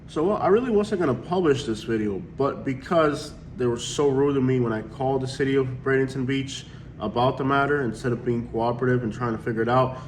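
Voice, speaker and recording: A man's voice: medium pitch, a little fast, a little hiss or hum. A man who runs a YouTube channel, talking casually to his viewers in an indignant, complaining way. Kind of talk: casual vlog.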